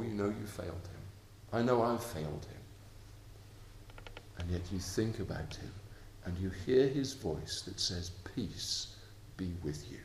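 Slow, earnest male preacher in echoey room. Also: vocal fry, a little hiss or hum. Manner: earnest, swings between soft intimate lows and emphatic raised passages. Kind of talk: sermon.

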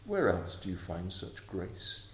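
A man preaching a sermon in an earnest way, dropping to soft, intimate lows and rising to emphatic, raised passages. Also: sing-song, a little slow. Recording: echoey room.

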